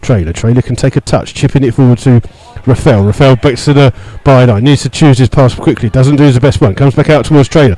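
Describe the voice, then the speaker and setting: A man giving live radio football commentary from the stand, steady play-by-play with many fillers, rising sharply when he disputes a call. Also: medium pitch, fairly quick, few pauses, rough recording. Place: stadium stand among fans.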